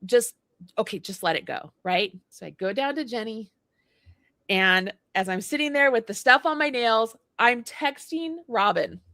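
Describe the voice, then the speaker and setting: A woman's voice: a little high, animated, unhurried, bright, forceful tone, dry recording, clean studio sound. A woman co-hosting a casual livestream chat, animatedly telling a story and acting out both sides of it. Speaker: co-host. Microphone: livestream mic.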